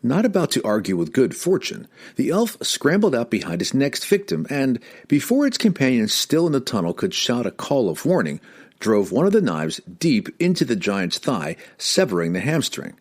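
A man's voice: medium pitch, wildly swooping pitch, normal speed, slightly rough. A man reading a fantasy novel aloud as an audiobook narrator, telling the action with dramatic expression.

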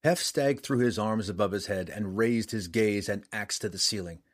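A man narrating a fantasy story as an audiobook, in a measured, dramatic reading. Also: fairly low pitch.

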